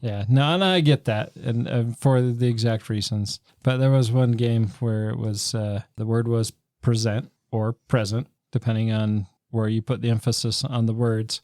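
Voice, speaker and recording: A man's voice: mid-range voice, steady tone, normal speed, few pauses, a little mellow, no echo, studio quality. A man co-hosting a casual board game podcast, telling rambling stories with many fillers. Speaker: podcast co-host. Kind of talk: casual chat.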